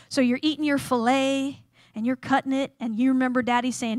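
A woman with a high, bright voice preaches in a light, joking way, building her point through self-deprecating stories. She acts out little scenes as she goes. The sound is dry and close, with no room around it. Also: fast, no echo. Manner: animated, self-deprecating storyteller acting out scenes. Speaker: chapel speaker. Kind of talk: humorous sermon storytelling.

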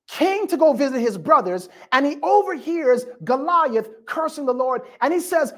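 A male pastor preaching a sermon, telling the story with lively call-and-response to the congregation. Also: very high voice, moderate pace.

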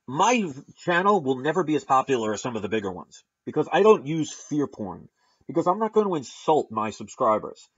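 A man with a fairly high voice rants emphatically, mixing in sarcastic jabs. He talks straight to his viewers in a vlog monologue, and the recording sounds dull and lo-fi. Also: slightly rough. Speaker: channel host.

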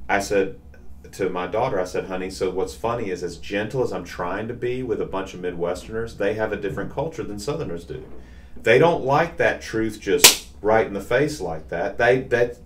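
A Southern man in his forties, a pastor co-hosting a podcast, telling family stories in a lively, drawling way. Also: fairly low pitch, moderate pace, a little hiss or hum. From Southern US, Nashville. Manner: animated storyteller with a Southern drawl. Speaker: pastor, co-host. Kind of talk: casual chat, storytelling.

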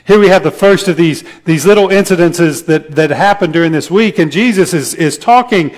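Earnest Midwestern pastor preaching. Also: male voice, fairly high pitch, moderate pace. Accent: Midwestern American. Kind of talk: sermon.

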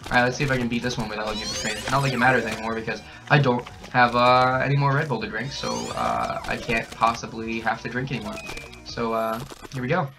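A young man hyped up on energy drinks, narrating his gameplay, yelling and cackling at every death and win. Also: medium pitch, fast, over music. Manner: excitable, shouts and cackles at the game. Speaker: gaming channel host. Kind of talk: hyper gameplay commentary. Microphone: desk mic with a camera nearby.

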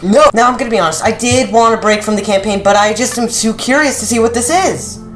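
A man doing casual gameplay commentary, rambling with self-mocking asides and sudden shouted outbursts. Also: high voice, quick pace. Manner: excitable, jumps from mutters to shouted outbursts. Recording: game music playing underneath. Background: game music.

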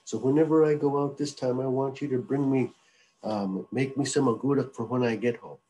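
A man's voice: medium pitch, steady tone, brisk, warm tone, a little hiss or hum, pitched above the performer's own voice, natural voice, low-quality recording. A man voicing Raven, a weary male husband, in a plain, easygoing, tired way of talking.

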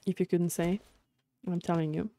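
A woman streaming a survival game, chatting casually with teammates, laughing often and yelling when things go wrong. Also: fairly low pitch, fairly even intonation, moderate pace, slight background noise. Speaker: gaming streamer. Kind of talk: casual let's-play commentary.

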